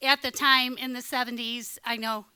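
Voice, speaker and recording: A middle-aged woman tells a true story on stage. She is chatty and frank. Her voice sits high and sounds bright, smooth and clear, with a dry, close sound. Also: little pitch movement, moderate pace, no echo, rough recording. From Chicago, USA. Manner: chatty and frank, quotes people in dialogue. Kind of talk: live personal storytelling. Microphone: stage microphone.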